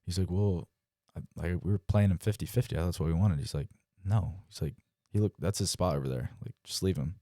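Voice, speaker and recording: A young man from Delaware, a professional ballplayer, telling stories in a relaxed way, full of "like" and "um". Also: sits low, brisk, no echo, clean studio sound. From Delaware, United States. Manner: relaxed, heavy use of "like" and "um", acts out quotes. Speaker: guest, professional baseball player. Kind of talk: casual storytelling interview.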